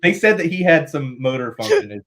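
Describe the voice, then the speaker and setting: A man's voice: fairly high pitch, big pitch swings, normal speed, fairly bright tone, slight background noise. A man from Atlanta, a betting analyst, trading crude, laughing banter in casual podcast chat.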